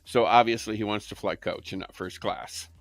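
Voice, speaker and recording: A man's voice: fairly low pitch, fairly even intonation, normal speed, no room sound. A man co-hosting a talk show, chatting casually and animatedly with joking asides. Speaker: co-host. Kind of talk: casual chat.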